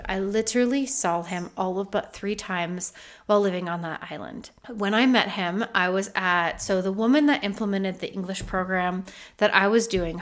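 A woman in her thirties hosting a podcast, telling a personal story in an earnest, reflective way that turns animated. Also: medium pitch. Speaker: podcast host.

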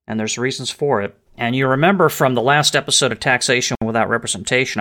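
A man's voice: mid-range voice, bright, forceful tone. A man hosting a history and politics show, speaking in an emphatic, lecturing monologue and reading quotations aloud with added stress. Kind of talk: monologue on the Second Amendment.

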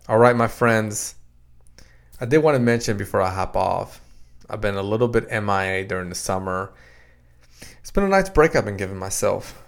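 Gravelly-voiced man giving podcast advice. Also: lowish voice, moderate pace. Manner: conversational, repeats words, quotes clients in dialogue. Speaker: podcast host and practice consultant. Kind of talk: casual solo podcast advice. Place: home podcast room in a basement.

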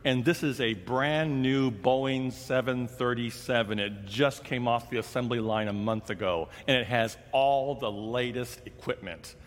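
A man's voice: medium pitch, unhurried, hardly any pauses, natural voice. A man voicing a young male airline gate agent in a sermon story, making his announcements and then stammering nervously. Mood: announcing. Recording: long reverb of a large hall.

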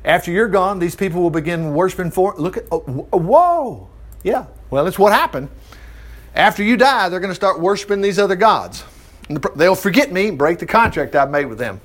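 Animated high-voiced man teaching scripture. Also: fairly quick. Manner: reads scripture aloud, breaks in with animated asides and laughs. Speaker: preacher. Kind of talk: Bible teaching with commentary.

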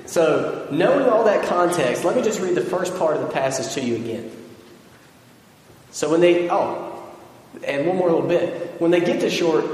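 A man's voice: on the high side, darkish tone. A man preaching a sermon in a casual, joking storytelling manner. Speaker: pastor. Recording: echoey hall with long reverb.

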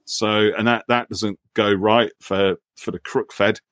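A man's voice: lowish voice, a little slow, no echo, studio quality. A man co-hosting a casual chat, talking animatedly and slipping into acted-out quotes. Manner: animated, acts out quoted lines in a raised voice. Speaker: podcast co-host discussing a film.

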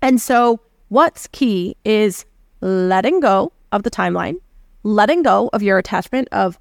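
A woman talks through a solo podcast episode in an earnest, conversational coaching manner. Her voice sits at an ordinary middle pitch. The sound is dry and close, with no room around it. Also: animated, measured pace, creaky, no room sound. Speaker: podcast host.

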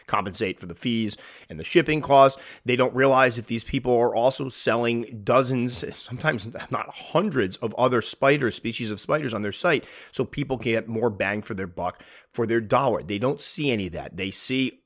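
A man's voice: mid-range voice, moderate pace. A man hosting a hobby podcast, talking candidly and animatedly, acting out the people he quotes. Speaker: podcast host. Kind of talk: casual podcast monologue.

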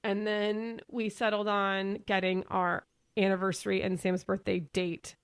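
A woman's voice: mid-range voice, little pitch movement, measured pace, smooth, no room sound, clean studio sound. A woman in her thirties co-hosting a podcast in casual chat, who laughs often and trails off and restarts her sentences. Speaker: podcast co-host.

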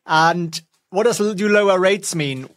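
A man's voice: high voice, measured pace, a bit bright, dry recording, clean studio sound. A man giving casual stock market commentary at home, chatty and wry with sarcastic asides. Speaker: finance vlogger. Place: home, with a pet nearby.

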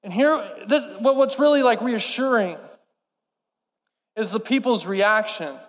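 A man preaching a sermon to a live congregation, impassioned and swinging between urgent and soft. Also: very high-pitched, animated, unhurried. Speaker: pastor. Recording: long hall reverb.

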